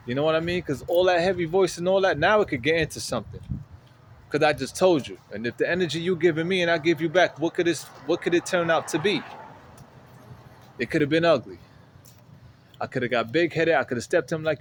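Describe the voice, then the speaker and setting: A man telling a story in a casual vlog, animated and slangy, often checking in with the listener, outdoors on a city street. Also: on the high side, fairly quick, slight background noise, low-quality recording. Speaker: vlogger.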